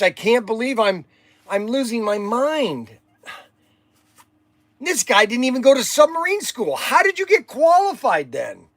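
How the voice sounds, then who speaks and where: A man's voice: very high-pitched, fairly bright tone, dry recording. An older man hosting a livestream, rambling and exasperated, sighing while he chats. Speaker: livestream host.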